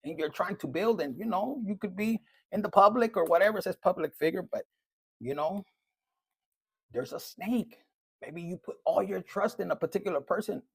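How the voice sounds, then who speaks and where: A man gives a loose, profane tarot reading in a chatty, blunt manner. His voice sits high for a man, with a gravelly, husky texture. The sound is dry and close, with little room around it. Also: normal speed, no echo. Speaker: tarot reader.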